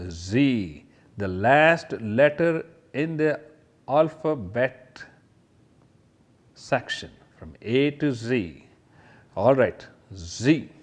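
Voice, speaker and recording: This kindergarten teacher has a medium-pitched voice and addresses the kids straight on. He covers letters and toys in a slow, lilting sing-song, mimicking sounds as he goes.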